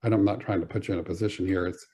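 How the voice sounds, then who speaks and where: Earnest low-voiced man telling a story. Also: steady tone, dark tone, husky. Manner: earnest, halting with fillers. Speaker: guest. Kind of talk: storytelling a spiritual experience.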